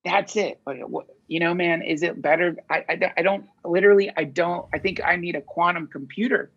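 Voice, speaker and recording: A man talks in loose, searching sentences, swearing freely as he thinks aloud. His voice is gravelly with a husky edge. The audio is dull and lo-fi, like a podcast recording. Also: a little high, a little fast, fairly bright tone. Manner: rambling, profane, searching. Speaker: podcast guest. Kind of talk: casual conversation.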